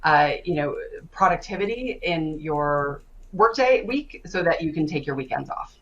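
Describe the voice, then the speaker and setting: A woman coach tells her stories briskly, jumping into other people's voices as she quotes them. Her voice sits a little low. It comes through a muffled video-call line. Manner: lively, acts out dialogue in quoted voices. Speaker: stress coach and guest speaker. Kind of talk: animated storytelling in an online session.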